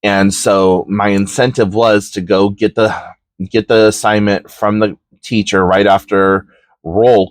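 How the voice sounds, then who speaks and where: A man's voice: low voice, dry recording. A man hosting a podcast, telling a personal story in a candid, reflective way with frequent ums and likes. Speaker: podcast host.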